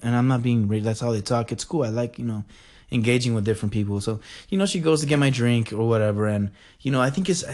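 A man telling a story in a casual, rambling and excitable way, full of fillers. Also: mid-range voice, quick pace.

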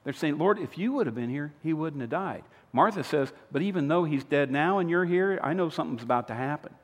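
A pastor preaching a sermon, retelling a story with humor, swinging between loud emphatic lines and quiet earnest appeals. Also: male voice, a little high, animated, brisk. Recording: long hall reverb.

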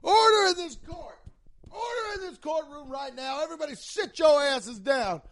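A man's voice: very high voice, lively intonation, moderate pace, a bit bright, no echo, voice pushed up, heavily acted. A man voicing a blustering, pompous male courtroom judge who bellows his rulings in a theatrical, bombastic way. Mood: bellowing, grandiose.

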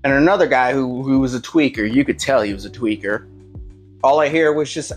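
A man telling a jail story in casual chat, swearing a lot and acting out other people's shouting in a high, loud voice. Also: brisk, husky, soft background music. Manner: animated, acts out voices shouting at high pitch; heavy swearing, slangy.

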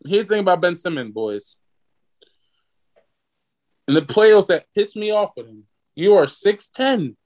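Young guy hosting a sports podcast, pretty high voice, fired up and cussing. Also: measured pace, long pauses. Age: 20s. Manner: excitable, ranting, swears freely. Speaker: podcast host. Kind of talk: casual sports chat.

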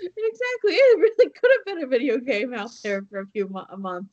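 This woman co-hosting a podcast tells a story in casual chat, rambling with lots of fillers and laughs. Her high-pitched voice swoops wildly, moves fairly quickly, and sounds a little mellow, though the highs are cut off.

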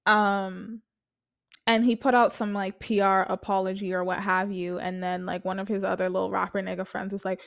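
A young woman chats through celebrity gossip from her apartment. She is blunt and freely profane, and her speech is full of fillers. Her pitch sits in a middle range. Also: flat delivery, moderate pace, gravelly. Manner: chatty, blunt, profane, lots of filler words. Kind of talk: casual gossip commentary.

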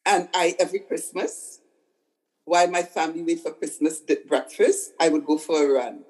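With a deep, darkish voice and steady tone, the older psychotherapist guest talks at a normal speed. She tells stories conversationally and leans on repeated words for emphasis. The audio is poor.

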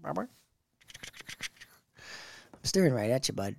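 A man's voice: mid-range voice, very animated, slow pace, gravelly, slight background noise. A man from Michigan co-hosting a podcast, chatting casually and telling jokey stories. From Michigan, USA. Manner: jokey storyteller, acts out others' lines. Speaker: podcast co-host.

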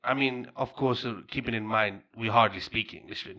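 A man from Bangladesh hosting a podcast in casual, slangy chat, animated and quick to laugh. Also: mid-range voice, dull audio. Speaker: podcast host.

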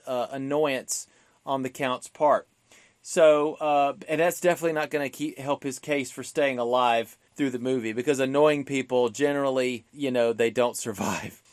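Chatty man with a raised pitch. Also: no room sound, studio quality. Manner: chatty, many fillers and restarts, acts out quotes. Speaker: podcast co-host. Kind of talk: casual film discussion.

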